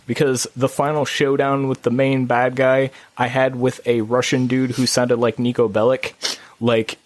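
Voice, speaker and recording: A man co-hosting a gaming podcast, telling a rambling story in casual chat with lots of restarts and sudden jumps in pitch. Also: flat delivery, normal speed, dry recording. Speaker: podcast co-host. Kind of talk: casual chat about video games.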